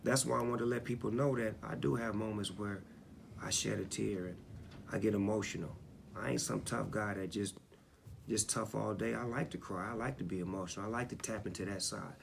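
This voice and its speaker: A man's voice: fairly low pitch, fairly even intonation, fairly quick, gravelly, slight background noise. A man in his forties talking candidly in an interview, laid-back and reflective, often checking in with "you know what I'm saying". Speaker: interviewed rapper.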